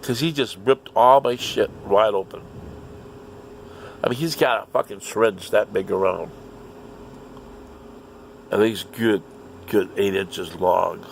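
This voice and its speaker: A man's voice: on the low side, slow pace, creaky, long pauses, a little hiss or hum. A man talking to the camera, ranting about his doctors in an indignant, profane, repetitive way. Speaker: vlogger.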